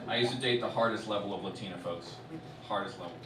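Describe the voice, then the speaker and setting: Swearing young comedian from Miami on stage. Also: male voice, on the low side, fast talker. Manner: swearing, loose rambling delivery that swings from muttered asides to loud bursts. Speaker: stand-up comedian. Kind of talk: stand-up comedy set. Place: large live comedy venue with audience. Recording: roomy, distant live stage recording with loud crowd noise.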